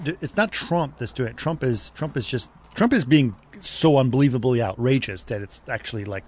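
A man's voice: medium pitch, animated, normal speed. Man talking politics, conversational. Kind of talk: casual political chat.

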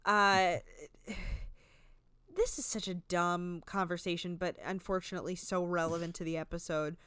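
A woman recaps a reality show for her co-hosts in loose, sarcastic chat, peppered with swearing and quick asides. Her voice is smooth and clean, and the recording is close and dry with no room sound. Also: fairly low pitch, fairly bright tone, no room sound. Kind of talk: casual chat.

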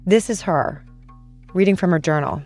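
A woman podcast host delivering scripted narration in an even, measured way. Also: on the low side, soft background music.

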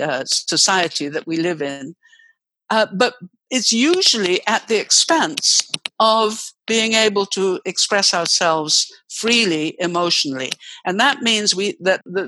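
An older woman voice teacher, explaining expressively as a guest, swooping her pitch to demonstrate. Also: bright, forceful tone, poor audio. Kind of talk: explanatory interview talk.

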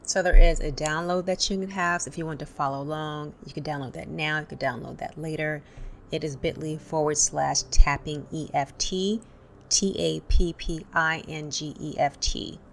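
A woman leading a guided tapping session, calmly calling out tapping points and repeating affirmations for listeners to echo. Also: deep voice, normal speed, vocal fry, a little hiss or hum. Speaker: tapping instructor.

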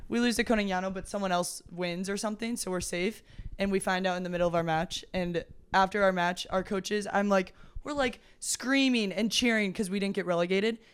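A young woman, a volleyball player and podcast guest, telling a lively story in casual chat. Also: mid-range voice, a little fast, clean tone.

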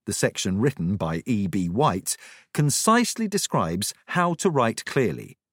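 A man reading a scripted lesson in a measured, instructive way, pressing on key words. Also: fairly low pitch, big pitch swings, a bit bright, slightly rough, no echo, clean studio sound. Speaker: writing instructor. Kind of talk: scripted narration.

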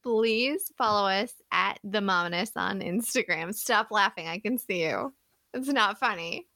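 A woman's voice: mid-range voice, a little slow, pushed and bright, no echo. Brief: playful woman co-host, keen tone, needling her partner, dry studio sound. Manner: teasing, laughs often. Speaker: podcast co-host. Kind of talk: casual comedic chat.

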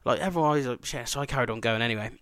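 Fast-talking sweary male podcaster. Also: medium pitch, a bit bright, clear, resonant tone, no room sound. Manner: sweary, rambling, laughing asides. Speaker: podcast host. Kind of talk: casual travel storytelling.

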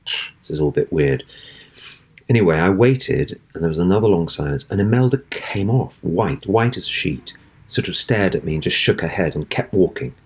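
This low-pitched, slightly rough voice moves briskly. It belongs to a middle-aged actor appearing as an interview guest, animatedly spinning a long theatrical anecdote and performing the voices of its characters.

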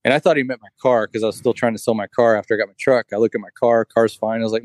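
A man chats casually and rambles through a story, leaning on "like" and "you know" as he goes. His voice sits at a middling pitch. The sound is dry and close. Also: very fast, a little mellow, dry recording. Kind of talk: casual chat.

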